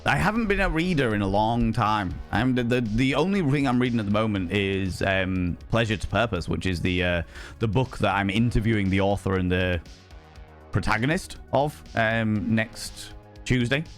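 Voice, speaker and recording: A man's voice: fairly low pitch, expressive, moderate pace, soft background music. A man casually chatting on a live stream, reading chat aloud, swearing freely and slipping into cheeky put-on voices.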